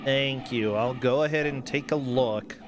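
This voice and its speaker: A man's voice: medium pitch, unhurried. A man doing casual, joking commentary on a video game stream. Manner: joking, playful asides. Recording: game music playing behind.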